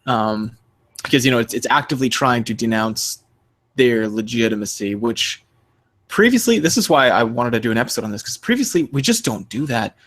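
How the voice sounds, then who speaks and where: A young man co-hosting a casual podcast. He tells stories with animation and acts out quotes with sharp jumps in pitch. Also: lively intonation, brisk. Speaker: podcast co-host.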